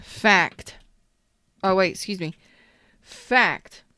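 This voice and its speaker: A woman's voice: medium pitch, very slow, noisy background. A woman giving a casual live-streamed tarot reading, talking bluntly, swearing now and then and greeting viewers by name. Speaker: tarot reader.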